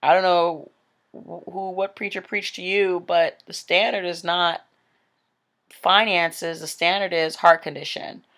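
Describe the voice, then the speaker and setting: A woman voicing an emotionless, businesslike male heavenly clerk who speaks in a flat, matter-of-fact way. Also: on the low side, measured pace. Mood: stern.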